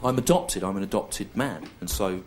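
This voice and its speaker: A middle-aged English man performing a stand-up comedy routine in a laid-back, deadpan, repetitive way, with self-aware asides. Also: low voice, moderate pace. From England. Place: comedy venue stage. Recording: live show recording with audience noise. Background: audience laughter and room ambience.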